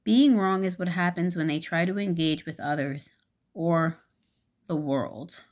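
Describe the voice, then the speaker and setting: A woman telling a personal story in a casual vlog, rambling and halting with many fillers, and swearing frankly. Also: lowish voice, a little mellow.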